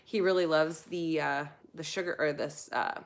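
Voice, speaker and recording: American lady on a live stream, lower-pitched, rambles and chats with her viewers. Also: steady tone, moderate pace, creaky. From United States. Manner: chatty and rambling, reads viewer comments aloud. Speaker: food vlogger answering live chat. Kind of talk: casual live-stream chat.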